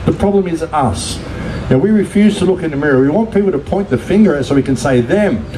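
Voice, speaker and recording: A man's voice: fairly high pitch, animated, fast talker, rough recording. A man giving a blunt, profane, ranting conference speech, often addressing the crowd as folks. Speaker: conference speaker. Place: conference stage.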